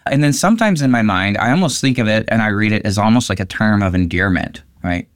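A male pastor discusses a Bible passage in casual conversation, animatedly acting out quoted lines with a lifted voice. His voice is fairly low and he talks fast, recorded in clean studio sound with no echo.

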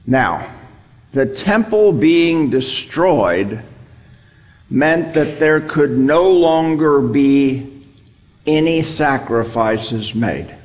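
A man's voice: on the high side, animated, extremely slow. A man teaching a Bible study, explaining a passage and repeating key words for emphasis. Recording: long reverb, hall.

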